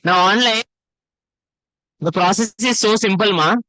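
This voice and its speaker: A man's voice: high-pitched, a little slow, pushed and bright, no echo, poor audio. Man teaching a coding class online. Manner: repetitive, addresses students as sir and ma.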